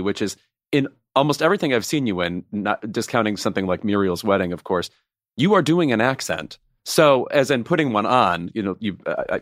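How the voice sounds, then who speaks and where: Campy enthusiastic guy hosting a podcast, pitch all over the place, dry close mic. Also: no room sound. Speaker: podcast host. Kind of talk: casual interview conversation.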